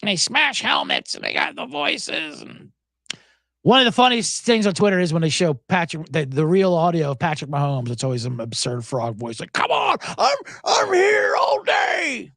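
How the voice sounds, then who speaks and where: Guy riffing on football picks, lively swoopy voice, kinda high, swears a lot, dry close mic. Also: normal speed, gravelly, no echo. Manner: rambling, profane, sarcastic asides. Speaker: sports betting podcast host. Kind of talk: casual solo chat.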